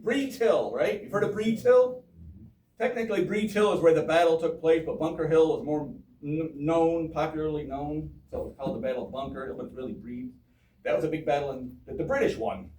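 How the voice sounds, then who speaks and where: A man giving an informal history talk in a town hall, animated and joking, quizzing the audience. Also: on the high side, slight background noise. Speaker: history speaker. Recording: echoey hall from far off.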